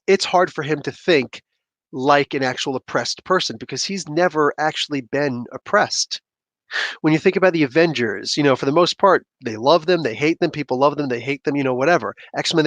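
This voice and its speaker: A man hosts comic book commentary in a casual, rambling style that swings into sudden excited outbursts. His voice sits a little high. The sound is dry and close. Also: no room sound. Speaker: comic book review host.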